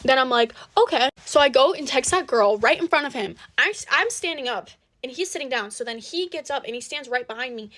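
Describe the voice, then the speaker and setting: A woman's voice: high voice, animated, fairly quick, a bit bright. A young woman telling a dramatic personal story in casual storytime style, swearing and saying "like" a lot. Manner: dramatic, swears, heavy use of "like".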